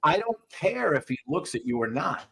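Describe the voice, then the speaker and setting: Male dog trainer, podcast regular; blunt and profane, husky timbre. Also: fairly high pitch, very animated, normal speed, a bit bright. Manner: blunt, swears freely. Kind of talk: casual coaching chat.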